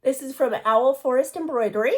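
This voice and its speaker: A woman's voice: high voice, brisk. A woman casually chatting about her cross-stitch projects, rambling with many fillers and side remarks. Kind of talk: casual show-and-tell chat.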